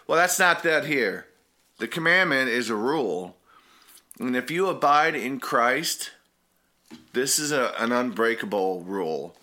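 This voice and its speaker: A man's voice: mid-range voice, expressive, unhurried, pushed and bright. A man giving an informal Bible teaching, earnest and rambling, often restarting his sentences. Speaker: preacher.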